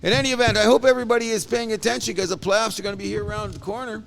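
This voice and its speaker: A man co-hosting a casual sports podcast, rambling and animated with frequent restarts. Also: high voice, racing, creaky, slight background noise. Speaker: podcast co-host.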